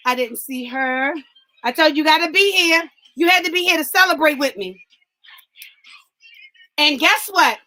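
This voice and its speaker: Hosting a livestream talk with a giveaway, a woman calls out viewers by name with exuberant, preacher-like fervor. Her voice is extremely high, pushed and bright, and the recording is rough.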